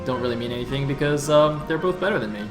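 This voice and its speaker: A man casting a live game, excitable and jokey, getting loud at big plays. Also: mid-range voice, fast, music in the background. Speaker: esports caster.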